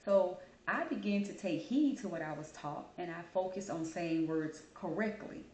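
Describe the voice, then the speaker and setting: Woman vlogging to camera, lower voice, chatty and lively storyteller, echoey room. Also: moderate pace, slight background noise. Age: adult. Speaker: channel host. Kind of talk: casual talk to camera. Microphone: camera mic. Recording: roomy echo.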